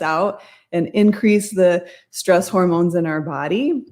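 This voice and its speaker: Middle-aged woman, casual storytelling talk, rambling and self-correcting, slightly low voice. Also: takes it slowly, darkish tone. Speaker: mindset coach.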